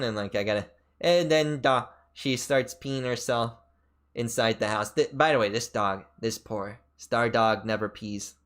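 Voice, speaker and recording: This VTuber streamer, a man, wanders through an anecdote at his desk mic, restarting often and leaning on fillers. The voice is a little bright and centered in a middle pitch, though it jumps abruptly up and down from one phrase to the next.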